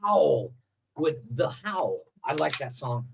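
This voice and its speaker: A man in his forties hosting a casual comedy podcast, voice sitting high and gravelly. He jokes crudely and swings his pitch up and down a lot as he rattles through banter. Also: big pitch swings, slow pace, a little hiss or hum. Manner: loose, joking, crude banter. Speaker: podcast host.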